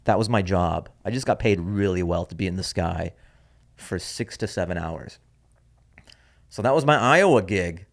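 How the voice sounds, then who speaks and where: A man's voice: sits low, expressive, normal speed, creaky. A man hosting his own comedy podcast, telling a story in a wry, offhand, rambling way. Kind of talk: casual rambling monologue.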